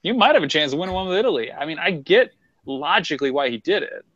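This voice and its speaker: A man's voice: fairly high pitch, expressive, quick pace, a bit bright, dry recording, lo-fi sound. A man co-hosting a casual sports chat, blunt and swearing freely as he argues his points in bursts. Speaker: podcast co-host.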